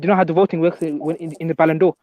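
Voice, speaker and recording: A man's voice: fairly high pitch, level tone, a little mellow. A man on a fan call who asks questions and explains his points in a rush. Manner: rapid, questioning. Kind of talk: fan livestream chat.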